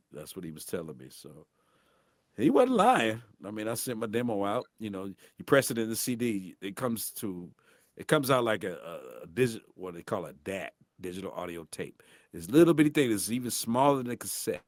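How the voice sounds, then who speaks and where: A middle-aged man from St. Louis with a deep voice, telling animated stories as a guest voice actor in a casual interview. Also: normal speed, no room sound, clean studio sound. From St. Louis, USA. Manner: animated, acts out voices in anecdotes.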